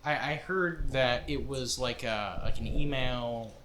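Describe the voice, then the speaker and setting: A man's voice: mid-range voice, unhurried, background noise. Joking young man on a podcast. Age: young adult. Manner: joking, animated storyteller. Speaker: podcast co-host, engineering student. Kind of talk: casual chat.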